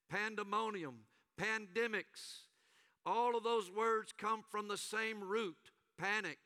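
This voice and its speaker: A man preaching a sermon as a pastor, with call-and-response and dramatic pauses. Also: high-pitched, bright, forceful tone, big-room sound.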